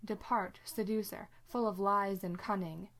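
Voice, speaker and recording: A woman's voice: medium pitch, steady tone, unhurried, fairly bright tone. A woman doing a young hunter speaking a firm exorcism. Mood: commanding. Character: young male demon hunter casting out demons.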